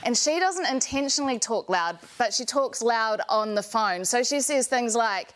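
A woman's voice: on the high side, animated, normal speed, a bit bright. A woman with a New Zealand accent, a morning TV presenter doing a chatty, self-deprecating stand-up bit in a studio.

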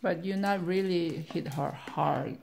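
A woman's voice: fairly low pitch, a little slow, gravelly, heavy background noise. A middle-aged woman chatting casually with children as their conversation teacher, asking simple friendly questions and laughing often.

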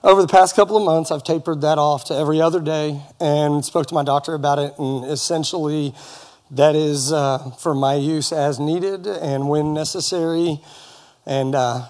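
A middle-aged man stands before his congregation to give an earnest personal testimony. He talks in a folksy way, slips in gentle jokes, and his voice sits a little high for a man. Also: fairly even intonation, moderate pace. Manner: earnest, folksy, with light humor. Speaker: congregation member giving testimony. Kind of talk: personal testimony at church service. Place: church service in front of a congregation.

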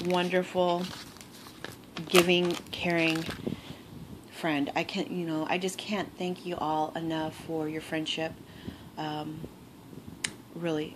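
Gasping and laughing often, a crafting vlogger with a lowish voice excitedly opens gifts in a casual chat. It's a noisy phone recording made in her bedroom at home.

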